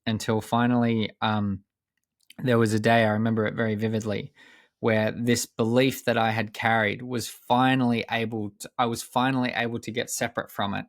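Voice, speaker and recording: Young guy with a lowish voice, reflective, talks slow and earnest, restarts a lot, dry sound. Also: flat delivery, no echo. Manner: measured and earnest, with frequent pauses and restarts. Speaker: high performance coach, podcast guest. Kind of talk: reflective personal storytelling.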